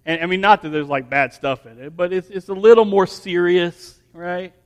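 A high-voiced man pastor preaches from the front of a church, telling a homely story that stumbles over repeated "and"s and restarts before building into firm, emphatic sermon lines. His intonation is fairly even and his pace moderate. A large hall gives the sound a long reverb.

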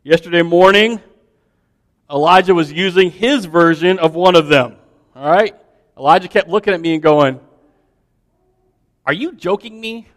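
A man with a high voice preaches in a church, his words trailing off into a long hall reverb. He talks casually and animatedly, addressing the congregation with frequent restarts and asides. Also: moderate pace. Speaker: pastor. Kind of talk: sermon.

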